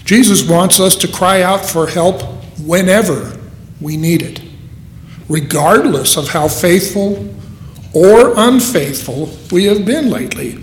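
A man preaching a sermon in an earnest, unhurried way, with dramatic pauses. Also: on the high side, slight background noise. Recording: echoey hall.

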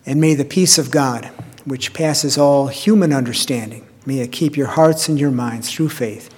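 A man preaching a sermon as pastor, earnest and measured, quieting down on prayer lines. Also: mid-range voice, husky. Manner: earnest preaching, dropping to a hushed hold on prayers. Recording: long hall reverb.

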